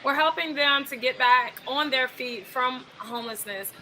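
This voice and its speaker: A woman guest explaining her organization clearly in a casual interview. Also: high-pitched, normal speed, pushed and bright, a little hiss or hum, poor audio. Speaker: guest from a veterans charity.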